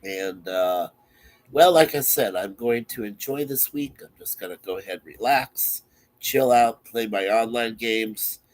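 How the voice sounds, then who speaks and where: A man's voice: lowish voice, unhurried. A man who is sick, coughing now and then, chatting casually and in an easygoing, rambling way to his stream viewers from his webcam.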